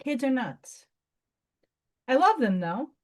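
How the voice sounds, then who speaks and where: Slow and sing-song, her high voice carries a darkish tone as she chats through a home craft livestream. She laughs easily and talks baby talk to her cat.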